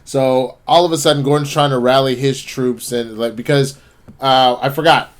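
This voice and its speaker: A man co-hosting a casual review, retelling scenes with quick character voices and loose, profane banter. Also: medium pitch, steady tone. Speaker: co-host reviewing an episode. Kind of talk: casual recap chat.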